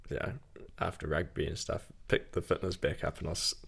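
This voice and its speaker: A young man, a podcast guest telling stories in a laid-back way, swearing and often trailing off quietly. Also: very deep voice, flat delivery, brisk, creaky, slightly rough. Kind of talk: casual chat.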